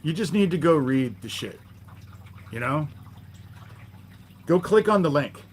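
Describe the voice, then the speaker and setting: A man's voice: a little high, lively intonation, unhurried, slight background noise. Angry, profane man ranting on a livestream. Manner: irritated, profane, confrontational; keeps adding "you know?". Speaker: livestream host. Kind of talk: live-stream rant.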